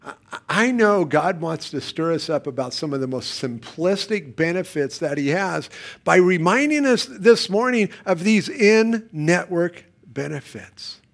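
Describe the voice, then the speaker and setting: A middle-aged man preaching a sermon as pastor, swinging between quiet, soft passages and sudden loud, emphatic bursts. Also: on the high side, animated, unhurried, gravelly.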